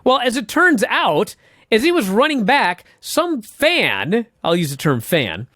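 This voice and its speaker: A man's voice: high voice, wildly swooping pitch, unhurried, fairly bright tone, dry recording, clean studio sound. A man co-hosting a casual podcast, animatedly retelling events with laughs and the odd swear. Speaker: podcast co-host. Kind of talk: casual chat recapping wrestling.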